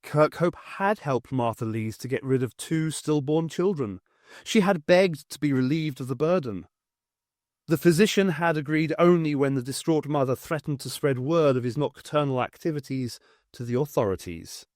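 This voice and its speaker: A man narrating an unofficial audiobook in an expressive storytelling manner. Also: on the high side, normal speed, no room sound, clean studio sound. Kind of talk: scripted narration.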